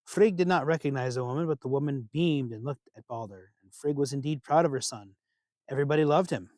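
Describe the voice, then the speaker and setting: A man narrating a myth as a storyteller, expressive and unhurried. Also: mid-range voice, dry recording, studio quality.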